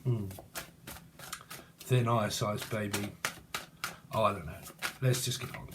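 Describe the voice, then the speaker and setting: A man's voice: on the low side, fairly even intonation, takes it slowly, background noise. Rambling, free-associating man. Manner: free-associating, swears, breaks into song snatches. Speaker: tarot reader. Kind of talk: rambling casual tarot reading.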